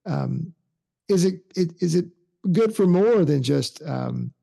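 Male host, gravelly, dark tone, halting filler-heavy questions. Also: a little high, lively intonation. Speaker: podcast host. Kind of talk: interview questions.

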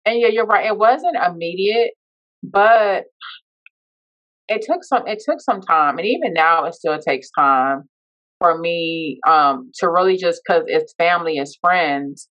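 A woman's voice: fairly low pitch, expressive, a little slow, fairly bright tone. A woman podcast guest telling her personal story in a heartfelt, reflective way. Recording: dull lo-fi sound.

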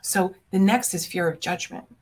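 A middle-aged woman coach delivers a motivational podcast monologue in a slightly low voice. She is blunt and emphatic, swears casually, and puts hard questions to the listener. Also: normal speed, husky. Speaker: business coach and podcast host.

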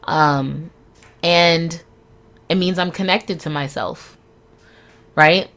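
A woman's voice: lowish voice, extremely slow, a bit bright. A young woman hosting a solo podcast, speaking candidly and frankly, swearing freely and laughing between phrases. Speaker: podcast host.

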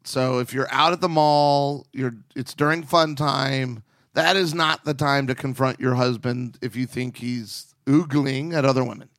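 A man's voice: mid-range voice, measured pace, no room sound, studio quality. A man co-hosting a casual podcast, reading listener questions aloud and getting worked up about them, sometimes breaking into mock voices. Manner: animated, gets worked up, reads with mock voices.

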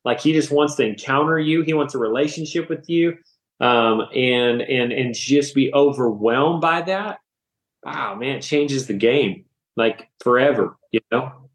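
A man's voice: mid-range voice, measured pace. Man telling his faith story in a roomy echo. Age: 30s. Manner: animated, emotional storytelling with casual slang. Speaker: podcast guest. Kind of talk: personal faith testimony.

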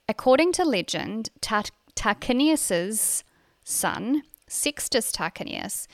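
A woman's voice: medium pitch, a bit bright, smooth, dry recording, clean studio sound. A woman with a New Zealand accent hosting a solo podcast, chatty and self-deprecating, with fillers and restarts. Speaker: podcast host.

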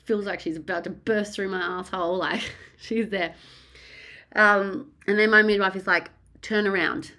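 A woman candidly recounting her birth story, frank and animated, swearing freely. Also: mid-range voice, normal speed.

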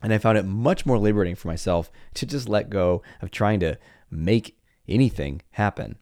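A man in his forties talks through his own experience on his podcast, low-pitched and candid. He shifts into playful asides and acts out his inner voices as he goes. The sound is close and dry, with no room around it. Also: normal speed, darkish tone, no echo. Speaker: podcast host. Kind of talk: reflective personal monologue.

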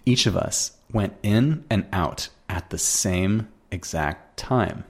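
A man hosting a podcast, telling a personal story in an earnest, animated way and often repeating his phrases. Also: lowish voice, slow pace, few pauses. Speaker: podcast host.

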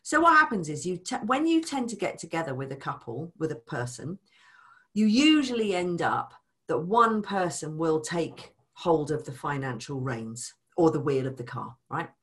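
A woman talking as a money coach in a casual chat, animated, acting out people's voices and swearing casually. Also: low-pitched, moderate pace.

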